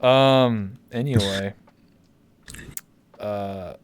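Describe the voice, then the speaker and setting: A man's voice: fairly low pitch, very slow, faint music behind. A man hosting a casual livestream interview, joking around with playful, swearing trash talk. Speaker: host.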